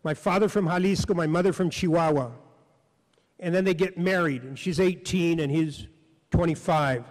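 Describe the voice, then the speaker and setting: A middle-aged author earnestly tells a reflective personal story, stumbling over repeated words when he gets moved. His voice is fairly high and his pace moderate, with a music bed underneath.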